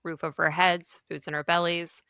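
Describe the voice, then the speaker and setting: A woman with a low voice that still sounds bright and forceful, speaking as a podcast guest. She is earnest and reflective, letting her thoughts unfold in long sentences. The sound is clean and smooth, dry and close. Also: little pitch movement, a little fast, no room sound, lo-fi sound. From Ohio, US. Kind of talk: candid personal interview.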